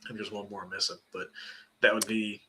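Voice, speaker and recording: A man's voice: fairly low pitch, little pitch movement, brisk, bright, forceful tone, slight background noise. A young man co-hosting a wrestling podcast, talking in a loose, joking way that often trails off and restarts. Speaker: podcast co-host. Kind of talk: casual chat.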